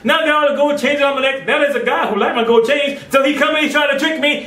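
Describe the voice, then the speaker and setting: Emphatic high-voiced preacher in echoey room. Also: male voice, quick pace, hardly any pauses, far from the mic. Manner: emphatic, folksy, swings between loud outbursts and quiet asides. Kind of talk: sermon.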